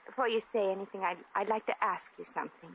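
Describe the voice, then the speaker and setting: An actress playing a brash, slangy American shop girl in a 1950s radio drama, quick with wisecracks. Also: mid-range voice, creaky, slight background noise, natural voice. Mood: wry. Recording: dull old radio recording.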